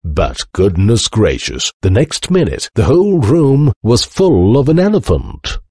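A man's voice: fairly low pitch, a little slow, husky, no echo, clean studio sound. Man reading a storybook aloud. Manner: animated, expressive reading. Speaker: storybook reader. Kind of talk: storybook narration.

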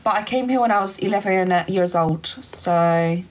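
A young woman from Eastern Europe hosting a casual phone livestream, giggly and chatty, answering comments in quick short replies. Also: mid-range voice, a little mellow, a little hiss or hum, low-quality recording. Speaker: livestream host.

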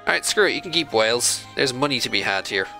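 A man's voice: mid-range voice, expressive, fast talker, bright, forceful tone, faint music behind, rough recording. A man giving casual commentary over a strategy video game, chatting along and scolding the computer opponents in mock outrage. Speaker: video game let's-play host.

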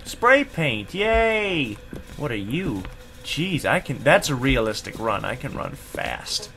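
A young man commenting on a horror game he plays in his room, easily startled and swearing, yelling at noises. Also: medium pitch, sing-song, a little slow. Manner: jumpy and profane, yelling at loud noises. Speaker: gaming let's play host. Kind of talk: let's play commentary. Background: game music.

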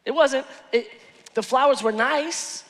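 A man preaching a sermon as pastor, telling stories with animated swings from hushed asides to shouted lines. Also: very high voice, a little slow. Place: large church hall. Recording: long hall reverb.

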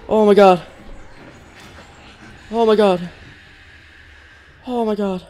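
Panicky young man with a high voice. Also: steady tone, slow, long pauses, warm tone. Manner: panicky, yelps and repeats himself when scared. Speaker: gamer. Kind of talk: horror game commentary.

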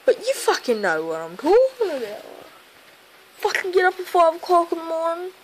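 A woman's voice: very high-pitched, big pitch swings, moderate pace, slight background noise, poor audio. A woman vlogging from home by a window, sleepy and grumbling, swearing in nearly every sentence. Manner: swears constantly, drowsy and grumbling. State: sleepy, just woke up. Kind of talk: casual rambling vlog.

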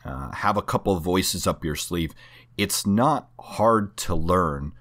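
A man with a notably low voice co-hosts a casual podcast chat about tabletop gaming. He talks in an easygoing, conversational way and slips in jokes as he goes. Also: animated, slow, a bit bright. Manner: joking, conversational. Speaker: podcast co-host.

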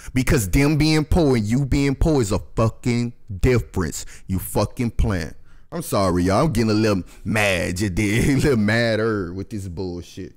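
A man hosting a reaction video, angrily ranting and cursing at the clips he plays. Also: mid-range voice. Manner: angry, cursing, ranting at the clip. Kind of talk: profane reaction commentary.

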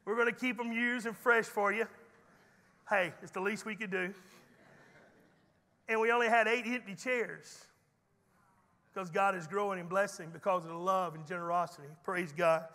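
Pastor, high bright voice, folksy joking sermon, big hall reverb. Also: male voice, fairly even intonation, moderate pace, long pauses. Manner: folksy storytelling preacher with teasing humor. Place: church sanctuary.

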